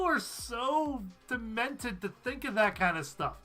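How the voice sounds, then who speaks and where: A man's voice: very high-pitched, big pitch swings, measured pace, hardly any pauses, bright, forceful tone, soft background music. A man hosting a live stream, chatting casually, reading out viewer comments and laughing often. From USA.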